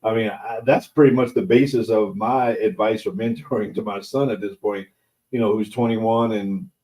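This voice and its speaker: A man's voice: fairly low pitch, fairly even intonation, moderate pace, darkish tone, rough recording. A middle-aged man co-hosting a casual talk show, speaking emphatically and often restarting phrases as he builds a point. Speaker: podcast co-host. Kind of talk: casual chat.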